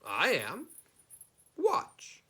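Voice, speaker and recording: A man's voice: high voice, huge pitch swings, extremely slow, pushed and bright, slightly rough, voice pushed up, full character voice. A man voicing a clever, unflappable folk hero in a storybook reading, cheerful and teasing.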